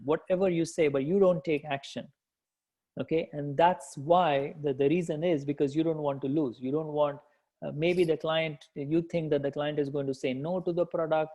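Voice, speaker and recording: A man leads a live coaching session with a fairly high, mellow voice. He keeps encouraging his listeners, repeats his points and answers their replies as he talks. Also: steady tone, normal speed. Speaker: business coach.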